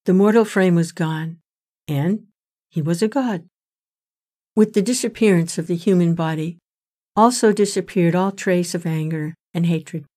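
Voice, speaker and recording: A woman narrating a retelling of an ancient epic in a measured, solemn reading. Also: on the low side, warm tone. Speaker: storyteller. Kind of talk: scripted narration of a sacred epic.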